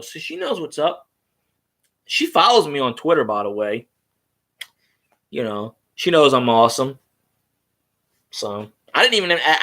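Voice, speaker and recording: A man's voice: on the high side, pushed and bright. A man, rambling casually and crudely on his fan vlog. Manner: loose, rambling and crude, with fillers. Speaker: fan vlogger.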